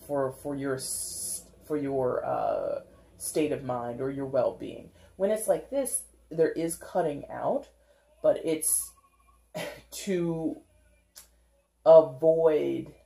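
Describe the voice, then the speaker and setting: This tarot reader's voice is extremely low and mellow, with vocal fry. Her casual reading rambles along, chatty and full of fillers, and she giggles often.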